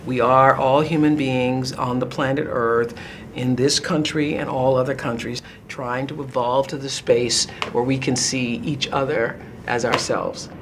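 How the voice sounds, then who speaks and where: A man playing a famous talk-show guru who speaks in slow, sermon-like uplifting phrases. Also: medium pitch, little pitch movement, noisy background, lightly acted. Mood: preachy.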